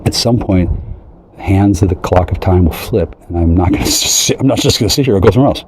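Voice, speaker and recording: A man in a rambling, profane monologue who keeps breaking into mocking high voices. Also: quick pace, background noise.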